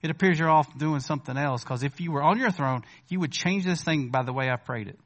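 A man preaching a sermon in a church, talking conversationally to the congregation and rising to emphatic questions before dropping to quiet asides. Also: a little high, fairly quick. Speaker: pastor.

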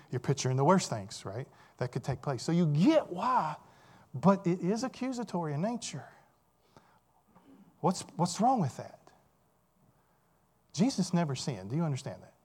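A man's voice: a little high, husky. A man preaching a sermon in a conversational, emphatic way, often asking the listeners rhetorical questions.

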